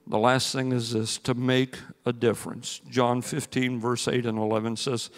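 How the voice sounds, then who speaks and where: A man's voice: mid-range voice, normal speed, few pauses. Preaching man in an echoing church. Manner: energetic, storytelling preacher with rising emphatic bursts. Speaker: pastor. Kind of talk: sermon. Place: church sanctuary. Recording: long hall reverb with faint music.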